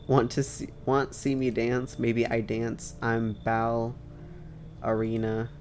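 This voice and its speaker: A man's voice: medium pitch, monotone, takes it slowly, darkish tone, slight background noise, natural voice. A man voicing a pushy, blunt dancer who speaks in clipped, broken phrases. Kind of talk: reading game dialogue aloud.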